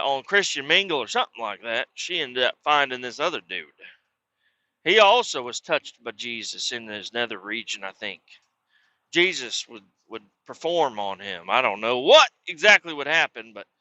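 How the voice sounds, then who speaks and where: A man with a mid-range voice hosts a podcast, rambling through a personal story in a profane, casual manner and becoming animated when he quotes others. There's no room sound, though the recording is dull and lo-fi.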